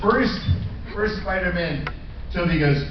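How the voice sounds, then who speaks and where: A man in his sixties telling animated stories on a convention panel, with shouted impressions. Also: high voice, slow pace. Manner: animated anecdotes, shouted impressions, frequent laughter. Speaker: panel guest, actor. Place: large convention hall. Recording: echoey hall, far off, muffled, noisy fan video.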